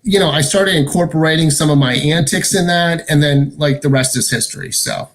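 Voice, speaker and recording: A man chatting as a guest, telling stories in a lively, rambling way. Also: fairly high pitch, brisk. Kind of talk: casual chat.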